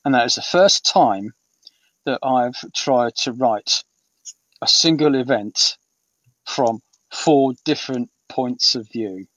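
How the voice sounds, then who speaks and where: Speaking slowly at a medium pitch with a fairly bright tone, a British man in his fifties chats casually as an interviewed author, rambling with frequent ums and restarts. The audio is muffled, distant and dry, without room sound.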